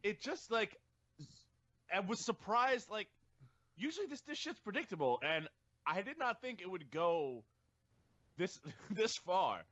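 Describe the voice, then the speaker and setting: A man co-hosting a podcast, chatting casually and excitedly, laughing often and swearing freely. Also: high-pitched, measured pace, pauses often, no echo. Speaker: podcast co-host.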